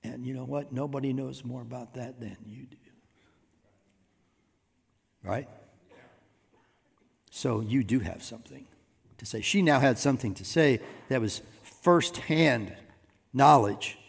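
A man preaching a sermon as pastor, swinging between hushed asides and loud emphatic bursts. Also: mid-range voice, a little slow, gravelly, long pauses, husky. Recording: long reverb of a church hall.

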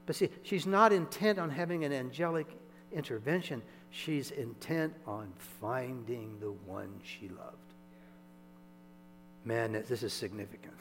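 A man preaching a sermon in a conversational, animated way, chuckling as he goes, in a church sanctuary. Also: mid-range voice, a little slow. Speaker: pastor. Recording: echoey hall with mains hum.

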